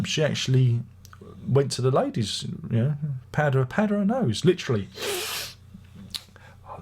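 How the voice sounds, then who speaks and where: A husky-voiced middle-aged man talks through a music review in a loose, rambling way. His chest sounds rough from being unwell, and he slips into wry, grumbling asides. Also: medium pitch, darkish tone. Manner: chatty, wry, grumbling anecdotes. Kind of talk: casual rambling review monologue.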